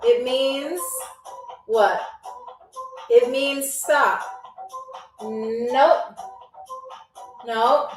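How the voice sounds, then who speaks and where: Speaking extremely slowly and high-pitched, with frequent pauses, this woman hosts a live game show where she teases viewers in fun and reads their comments, drawing out repeated words. The recording is echoey, a bit off-mic, distant, with faint music.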